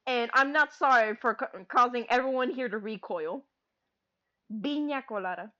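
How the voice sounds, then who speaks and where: Woman streamer, high voice, giggly and sweary, casual rambling chat, dull lo-fi audio. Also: moderate pace, bright, forceful tone. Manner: giggly, swears freely, jokey.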